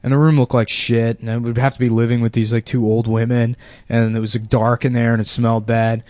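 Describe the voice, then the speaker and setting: A man's voice: mid-range voice, level tone, fairly quick, darkish tone, no room sound. A man in his twenties telling a rambling comic story on a podcast, full of filler words and swearing. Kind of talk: casual comedic storytelling.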